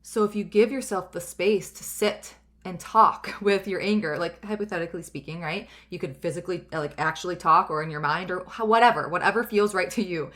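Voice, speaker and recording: A woman's voice: fairly low pitch, brisk, hardly any pauses. A woman in her thirties hosting a self-help podcast, talking in a chatty, rambling and earnest way with many fillers. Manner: earnest and gentle. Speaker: podcast host.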